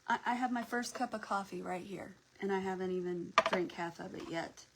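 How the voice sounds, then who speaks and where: A woman's voice: mid-range voice, a little fast, very noisy. A woman hosting a casual craft livestream, chatting and greeting viewers by name as she works, sometimes dropping to a near whisper.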